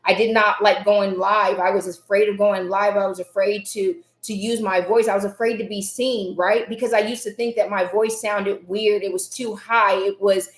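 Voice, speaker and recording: A woman hosting a live self-help stream, speaking earnestly in repeated, emphatic affirmations, her voice a little raspy at times. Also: mid-range voice, steady tone, normal speed, few pauses, reverberant. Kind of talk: motivational live-stream talk.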